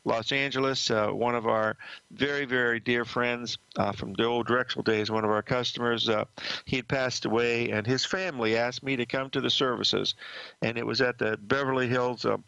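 A man's voice: mid-range voice, steady tone, normal speed, creaky, pushed and bright, smooth, no room sound, muffled recording. An older man hosting a market show, talking in a rambling, folksy way with many fillers. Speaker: market analyst host. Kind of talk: casual market commentary with stories.

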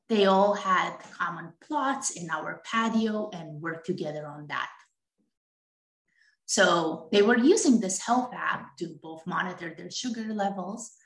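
Woman presenter, clear and deliberate, slow pace, roomy echo. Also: medium pitch. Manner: clear and deliberate, repeats key points. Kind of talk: recorded presentation.

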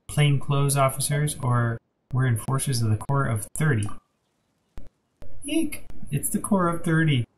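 A man's voice: medium pitch, vocal fry, darkish tone, slight background noise, low-quality recording. A male streamer reading the lines of every character in a game cutscene aloud, stumbling and restarting now and then. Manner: reads every character himself with small slips and restarts. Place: home streaming setup.

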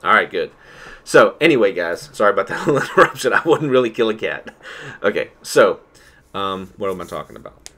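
A man's voice: lowish voice, sing-song, a little fast, a bit bright. A man hosting his own channel, giving an emphatic, worked-up lecture straight to his viewers from indoors at home. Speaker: channel host. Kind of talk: heated monologue to viewers.

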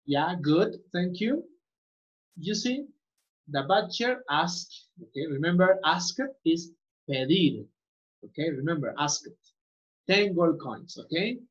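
A woman's voice: low voice, expressive, takes it slowly, long pauses. A woman English teacher giving a class, repeating words and often asking "okay?" to check understanding. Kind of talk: online class instruction. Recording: muffled lo-fi audio.

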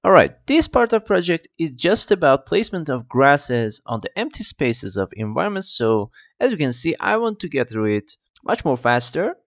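A man walking through a 3D software tutorial, with a casual "I mean" and "let's just" as he goes. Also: a little high, very animated, normal speed, few pauses, no room sound. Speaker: 3D tutorial creator. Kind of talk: screen-recorded software tutorial.

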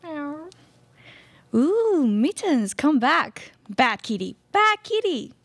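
A flirty cat-obsessed woman on a radio-play speed date, acted by a woman. She purrs and coos, drawing her words out slowly while her pitch swoops up and down. The sound is dry and close. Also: big pitch swings, dry recording, full character voice.

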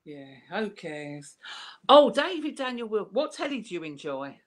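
A woman's voice: medium pitch, big pitch swings, a little slow. A woman hosting a casual chat, teasing and reassuring her guest. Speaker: host.

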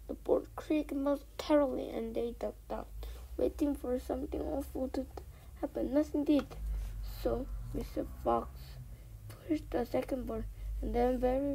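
Soft-voiced woman reading a children's book. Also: high-pitched, gravelly, slightly rough, poor audio. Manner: soft, often near-whispered reading. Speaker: storybook reader. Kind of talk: reading a children's novel aloud.

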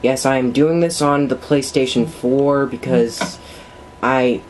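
A let's play gamer and vlogger in casual gameplay commentary, giggly, rambling and apologetic, with sudden high yelps. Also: steady tone, a little slow, a little mellow, soft background music.

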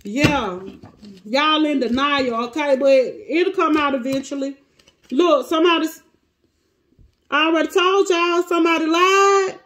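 High-voiced woman giving an animated tarot reading. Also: unhurried. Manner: animated, exclamatory, thinks aloud and breaks off mid-sentence. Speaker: tarot reader. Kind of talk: casual tarot reading monologue.

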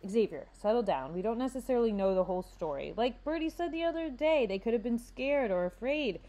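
A woman's voice: a little high, expressive, dark tone, voice pushed up, close to an everyday voice. A woman voicing a thoughtful, somewhat hesitant teenage boy in a read-aloud story. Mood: earnest. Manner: hesitant, measured.

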